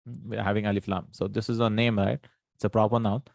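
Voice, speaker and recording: A man with a fairly low voice explains grammar step by step, repeating each term and humming between points. The sound is dry and close, with no room around it. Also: level tone, quick pace, gravelly, dry recording. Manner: patient, repeats terms, frequent hums. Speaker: Arabic teacher.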